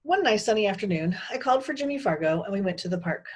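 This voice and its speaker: A woman teacher reading a children's chapter book aloud in an expressive, animated way. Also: medium pitch, quick pace. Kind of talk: storybook read-aloud.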